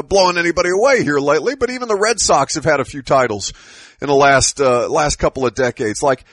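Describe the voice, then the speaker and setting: A male co-host musing about sports fans in a thoughtful, halting way, often repeating words as he thinks. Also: a little high, a bit bright, no room sound. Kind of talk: casual sports talk.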